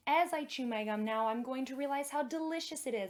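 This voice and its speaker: With a high voice and a somewhat quick delivery, a young woman teaches kids music and magic, warmly encouraging them in an exaggerated, child-friendly style.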